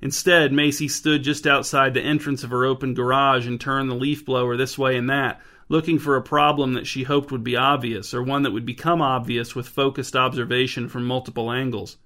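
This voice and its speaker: A man narrating a written story in a deadpan, scripted way. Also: medium pitch, brisk, hardly any pauses.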